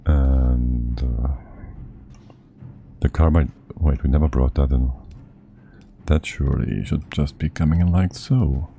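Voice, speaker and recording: Male streamer, very deep and dark, unhurried casual thinking-aloud gameplay chatter, a little winded. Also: vocal fry, soft background music. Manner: muttering to himself, thinking aloud. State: slightly out of breath. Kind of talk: casual live-stream commentary while playing.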